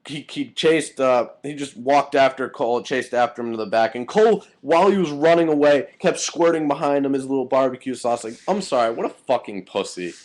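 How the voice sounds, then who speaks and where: A man's voice: mid-range voice, brisk, few pauses, darkish tone. A young man giving a casual, heated recap of a wrestling show, angry and swearing freely.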